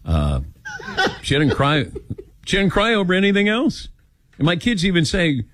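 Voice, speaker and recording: An older man hosts a call-in radio show, with a voice that swings widely in pitch as he tells stories and acts out what people said. His sound is close and dry, with no room around it. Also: moderate pace, long pauses, dry recording. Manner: animated storytelling, acts out quotes. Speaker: radio talk show host.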